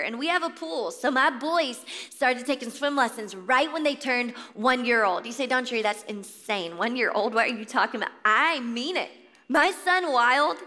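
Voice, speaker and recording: Bright high-voiced woman preaching in a hall. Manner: exhorting, warmly addresses listeners as friends. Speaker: inspirational speaker at a faith event. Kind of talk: impassioned inspirational sermon. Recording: long reverb of a large hall.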